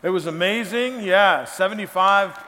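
A man's voice: high voice, moderate pace, bright, forceful tone, slight background noise. A man in his fifties with an American accent, preaching a chatty, conversational sermon from his church. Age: 50s. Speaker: pastor. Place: church sanctuary. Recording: long hall reverb.

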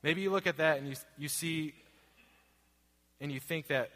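A fairly high-pitched male pastor in his thirties preaches at a normal speed, his tone a bit bright. Earnest and repetitive, he keeps asking rhetorical questions, with a long hall reverb around him.

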